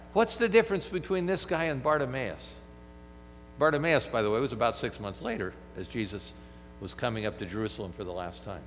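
A man preaching a sermon, animated, firing off rhetorical questions and acting out quoted speech. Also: on the high side, creaky. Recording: long hall reverb with mains hum.

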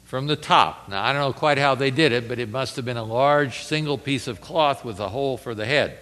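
A man's voice: medium pitch, brisk, a bit bright, big-room sound. A man preaching a conversational Bible sermon, reading scripture aloud with rising intensity.

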